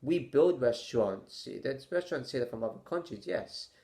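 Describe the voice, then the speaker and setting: A man with a voice of ordinary middle pitch rants to his camera. His delivery stumbles and stammers as he restarts sentences, and he sighs in exasperation between rhetorical questions. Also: expressive, moderate pace, vocal fry, dark tone. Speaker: vlogger. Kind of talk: opinion rant to camera.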